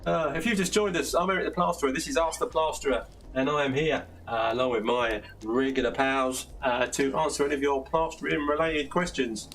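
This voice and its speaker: An older man chats through a live stream, laughing often and restarting his sentences as he goes. His voice is gravelly, and he sits a little back from the mic. A faint hiss of noise runs under him. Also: medium pitch, a little fast, few pauses, fairly bright tone. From South London. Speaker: live stream host answering plastering questions. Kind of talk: casual live stream chat. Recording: slightly distant mic with faint background noise.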